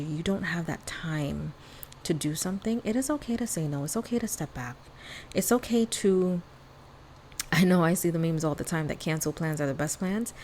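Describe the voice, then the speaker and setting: A woman's voice: on the low side, a little mellow, a little hiss or hum, low-quality recording. A woman hosting a podcast alone, talking candidly and casually, often acting out bits of dialogue. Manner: candid, chatty, acts out quoted dialogue. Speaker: podcast host. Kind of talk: casual solo podcast monologue.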